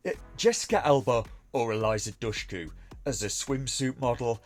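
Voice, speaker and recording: A man's voice: medium pitch, moderate pace, faint music behind. A man reviewing a TV episode in a dry, sarcastic, mocking way.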